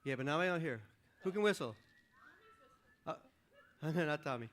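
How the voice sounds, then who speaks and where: A man preaching as a pastor from a church stage, joking with and directing volunteers in a lively, upbeat sermon. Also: a little high, moderate pace. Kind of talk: lively sermon with audience participation. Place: church stage before a congregation. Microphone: stage microphone.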